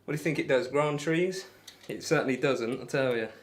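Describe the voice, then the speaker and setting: A man's voice: mid-range voice, a little fast. A man chatting casually on a live stream, reading out viewer comments and bantering between darts throws in a rambling, friendly way. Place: home room while throwing darts.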